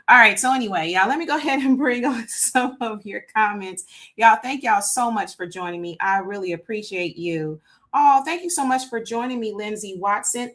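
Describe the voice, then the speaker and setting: A woman's voice: medium pitch, a bit bright. A woman hosting her podcast livestream, chatty and laughing often, talking straight to her viewers. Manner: chatty, laughs often, keeps saying "y'all" and "right?". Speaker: podcast host. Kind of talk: casual livestream chat.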